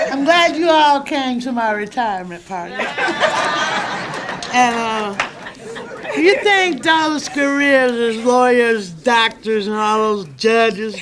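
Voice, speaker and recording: Brief: older woman graduate, emphatic and wry, unhurried high voice, tearful, recorded in a noisy crowded room. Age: 60s. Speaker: drug court graduate. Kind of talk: ceremony speech. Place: courtroom ceremony.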